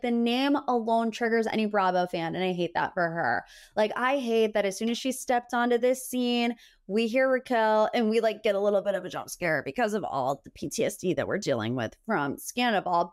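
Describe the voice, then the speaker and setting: An animated young woman, hosting a casual pop-culture podcast. Her voice sits at a middle pitch, and she talks in a chatty, gossipy way with quick asides. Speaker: podcast host.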